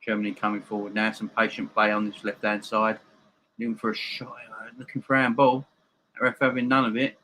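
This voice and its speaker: Bright, forceful man hosting a livestream. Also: lowish voice, level tone, brisk, a little hiss or hum, rough recording. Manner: chatty, joking banter with viewers. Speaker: host of a live football watchalong. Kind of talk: casual live-stream chat, reading viewer comments.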